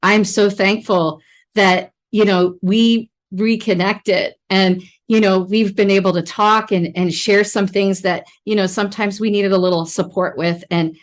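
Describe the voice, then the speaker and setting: A woman hosting a podcast, talking casually and with feeling, laughing often as she tells animated stories. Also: medium pitch, a little slow. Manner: animated storyteller, laughs often, mimics voices. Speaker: podcast host. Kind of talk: casual, emotional remembrance conversation.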